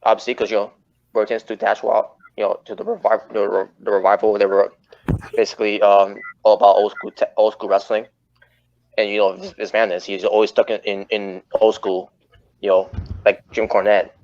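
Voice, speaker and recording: A man's voice: lowish voice, little pitch movement, brisk, a little mellow. A man hosting a casual wrestling chat podcast, rambling and often correcting himself mid-sentence. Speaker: podcast host. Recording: muffled lo-fi audio.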